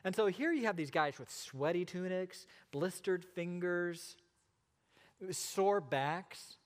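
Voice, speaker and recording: A middle-aged male pastor preaching a sermon, asking rhetorical questions and pausing for effect. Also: high-pitched, animated, big-room sound. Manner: expository preaching with rhetorical questions and dramatic pauses.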